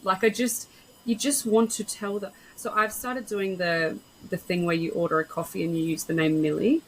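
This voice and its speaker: A woman hosting a casual podcast conversation, frank and animated as she tells stories and acts out what people said. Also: medium pitch, normal speed, a little hiss or hum, rough recording. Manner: warm, animated storyteller, frank, acts out quotes. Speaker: podcast host.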